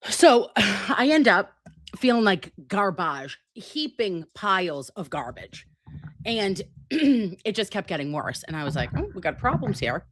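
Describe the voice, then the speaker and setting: A woman's voice: mid-range voice, very animated, takes it slowly. A woman hosting a casual livestream chat, brassy, profane and dramatic while recovering from a sinus and ear infection. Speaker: livestream host.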